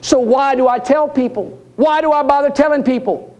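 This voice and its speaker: High-voiced, animated male keynote speaker. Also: normal speed. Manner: animated, jokey, talks straight to the audience. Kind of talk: storytelling conference talk. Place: conference hall.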